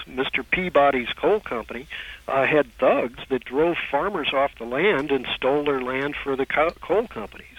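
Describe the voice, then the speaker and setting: A man's voice: on the high side, no room sound. A man calling into a radio show with an opinionated, rambling argument. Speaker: caller. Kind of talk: call-in radio comment. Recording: muffled phone line.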